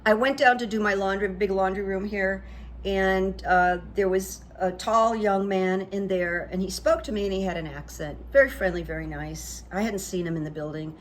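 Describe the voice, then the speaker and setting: A woman hosting her own channel, telling stories in a chatty, confiding way that trails off softly at the ends of phrases. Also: medium pitch, fairly even intonation, normal speed. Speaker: channel host. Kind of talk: casual storytelling monologue. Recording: faint background noise.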